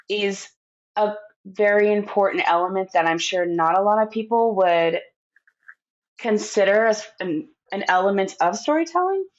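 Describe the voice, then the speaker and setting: A woman hosting a podcast interview, chatting enthusiastically and eagerly responding to her guest. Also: mid-range voice. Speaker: podcast host. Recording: dull lo-fi recording.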